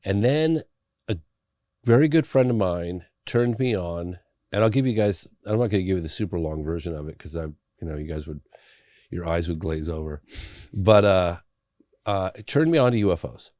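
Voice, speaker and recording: Middle-aged filmmaker from England, deep voice, animated interview storyteller, dry close sound. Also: male voice, moderate pace, dry recording. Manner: animated storyteller acting out quoted people. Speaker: documentary filmmaker, podcast guest.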